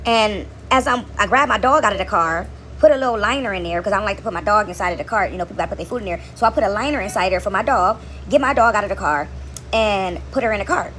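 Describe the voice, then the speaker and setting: Fast-talking woman telling a rambling story. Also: medium pitch, fairly bright tone, a little hiss or hum. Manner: rambling, repeats words, fills with "right?". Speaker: vlogger. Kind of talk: casual storytelling to camera. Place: on a couch at home.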